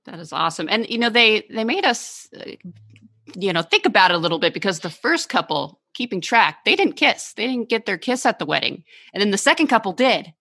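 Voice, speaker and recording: A woman's voice: mid-range voice, big pitch swings, fairly quick, slightly rough, no echo, clean studio sound. A woman co-hosting an interview, chatting casually and gushing about a scene. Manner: warm, gushing, laughs easily. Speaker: co-host.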